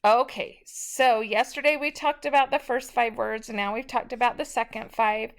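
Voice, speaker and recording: A woman's voice: fairly high pitch, fairly even intonation, normal speed. A woman teacher giving a recorded spelling lesson, patiently sounding out each word syllable by syllable.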